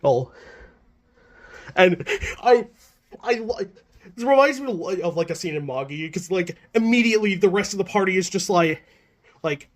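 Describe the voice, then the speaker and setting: A man's voice: sits high, lively intonation, normal speed, long pauses. A man giving a casual manga chapter review. He sounds nervous and stammers often, with many restarts, but stays chatty and laughs a lot.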